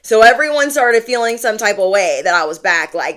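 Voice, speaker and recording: A woman's voice: a little high, fairly quick, hardly any pauses. A young woman talks straight to her audience in a casual storytelling vlog. She is blunt and full of slang. She slips into the voices of the people in her story as she goes. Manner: animated, acts out quoted voices, slangy and blunt. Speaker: spiritual content creator.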